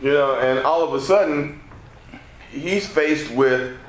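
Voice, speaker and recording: A man on a press panel giving a measured, reflective answer. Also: fairly high pitch. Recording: echoey room, some background noise.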